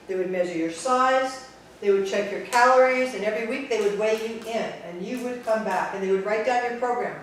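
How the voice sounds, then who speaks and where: Woman, Bronx New York accent, Pilates instructor, blunt, sarcastic lecture, distant mic, faint background hiss. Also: medium pitch. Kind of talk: teaching talk to instructors. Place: Pilates studio. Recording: very echoey room, distant mic.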